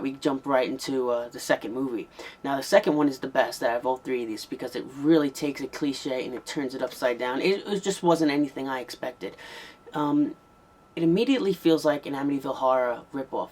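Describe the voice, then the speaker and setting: A man's voice: medium pitch, fairly quick, a little mellow. A man giving a casual, rambling spoken review of an old horror tape, with frequent ums and restarts. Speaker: VHS movie reviewer.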